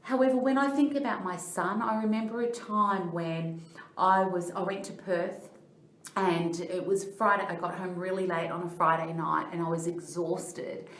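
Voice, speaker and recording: A woman's voice: fairly low pitch, fairly even intonation, normal speed, fairly bright tone. A middle-aged Australian woman, a life coach, explaining ideas earnestly in a training talk and telling personal stories. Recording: echoey room.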